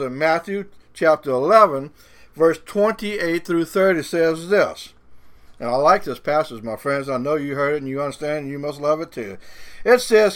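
A man with a Cajun accent preaching a sermon, earnest and rising to fervent emphasis on slowed, drawn-out phrases. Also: on the high side, fairly bright tone.

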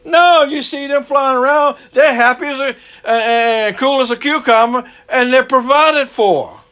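A man's voice: extremely high pitch, a little slow, bright, forceful tone. A man preaching a sermon, earnest and repetitive, stretching words for emphasis.

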